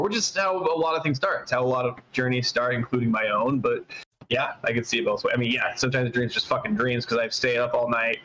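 A man's voice: medium pitch, quick pace, fairly bright tone, a little hiss or hum, rough recording. A man co-hosting a podcast in casual chat, telling stories animatedly, swearing freely and laughing often. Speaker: podcast co-host.

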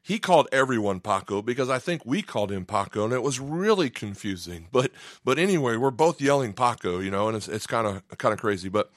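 A man's voice: lowish voice, expressive, a little fast, hardly any pauses, fairly bright tone, dry recording, studio quality. A man preaching a sermon in an easygoing, conversational way, often repeating a word as he starts a phrase. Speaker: pastor.

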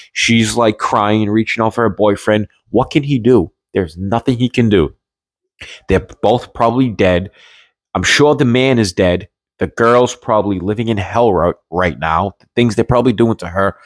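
A man's voice: lowish voice, dry recording. A man from the United States ranting in agitated, profane commentary, often repeating himself as he talks into a podcast mic.

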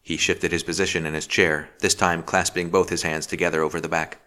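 Deep-voiced man narrating a novel. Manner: measured, steady storytelling. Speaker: audiobook narrator. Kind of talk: scripted narration.

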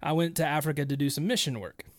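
Laughing, animated radio co-host. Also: male voice, fairly high pitch, fast talker, dry recording, clean studio sound. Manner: animated storyteller, laughs often. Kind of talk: casual talk radio storytelling. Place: radio studio.

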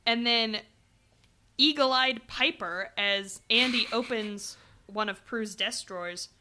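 Brief: American woman co-host, bright-toned, playful and giggly chat. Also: on the high side, slow, slight background noise. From United States. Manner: playful, giggly, animated retelling. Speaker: podcast co-host. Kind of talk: casual chat.

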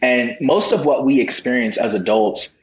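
A man's voice: mid-range voice, lively intonation, moderate pace. Impassioned man in an echoey room. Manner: emphatic and preacher-like, with rising bursts of intensity. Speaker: podcast guest, motivational speaker. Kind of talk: impassioned motivational talk. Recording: roomy echo, faint background noise.

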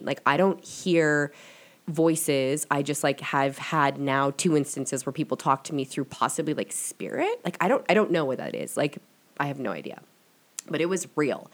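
A young woman hosting a podcast, telling personal stories casually, full of "like" fillers and swearing. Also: deep voice. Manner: chatty, frequent "like" fillers, swears freely. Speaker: podcast host. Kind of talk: casual confessional storytelling.

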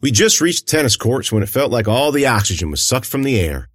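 A man narrating a first-person audiobook in an expressive, lively storytelling manner. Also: medium pitch, fast, dry recording, clean studio sound.

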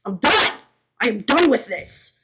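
A woman's voice: on the high side, big pitch swings, unhurried, heavy background noise. A woman voicing a jealous young man who is fed up and threatening.

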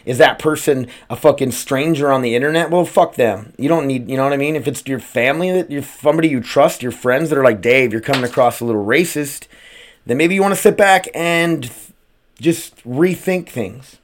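A man's voice: on the high side, a little fast. A man hosting his own podcast, ranting casually with lots of swearing, rambling asides and rhetorical questions. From United States. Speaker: podcast host and streamer. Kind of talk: casual solo podcast rant.

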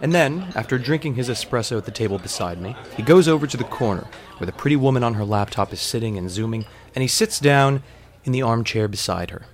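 A man's voice: mid-range voice, lively intonation, fast talker. Rambling, chatty male storyteller. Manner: rambling and digressive, many fillers. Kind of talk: casual storytelling monologue.

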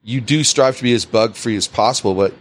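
A man hosting a podcast, telling a work story in casual chat, swearing freely. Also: brisk. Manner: animated, swings pitch widely, swears freely. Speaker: podcast host.

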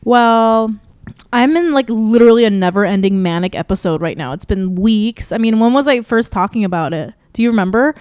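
A woman's voice: fairly high pitch, a little fast, darkish tone, clear, resonant tone, dry recording, clean studio sound. A woman in her thirties co-hosting a podcast, chatting casually and playfully teasing her co-host. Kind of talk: casual chat. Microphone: studio-style mic in an apartment.

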